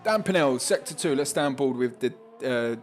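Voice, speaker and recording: A man's voice: medium pitch, expressive, brisk, soft background music. Chatty man reading stream chat. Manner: chatty, laughs often, reads out viewer comments. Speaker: streamer and race commentator. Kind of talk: casual live-stream race commentary.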